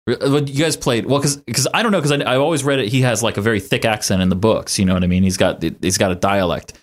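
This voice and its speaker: A man co-hosting a casual comics podcast, tossing in quick wisecracks. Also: fairly low pitch. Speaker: podcast co-host. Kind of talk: casual chat.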